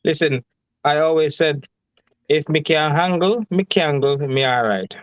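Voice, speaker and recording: A man's voice: fairly high pitch, moderate pace, no echo. A man co-hosting a casual livestream, joking and laid-back with patois phrasing. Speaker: livestream co-host. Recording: dry, dull lo-fi sound.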